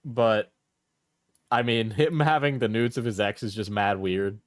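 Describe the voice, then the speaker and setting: A man's voice: on the low side, fairly even intonation, unhurried, dry recording. A man streaming live, casually rambling through his thoughts with restarts and trailing asides.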